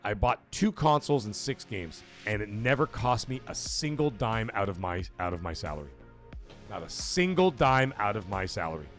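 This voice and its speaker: A man's voice: fairly low pitch, very animated, moderate pace, over music. A man hosting a casual live gaming stream, blunt and profane, talking straight to his chat. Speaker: livestream show host.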